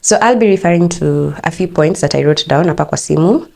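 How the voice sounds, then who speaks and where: A young Kenyan woman speaks in a slightly low voice, hosting her own podcast. She tells a personal story in an open, candid way and leans into the telling. The voice sits a bit lower than most women's. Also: brisk, vocal fry, a little mellow. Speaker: podcast host.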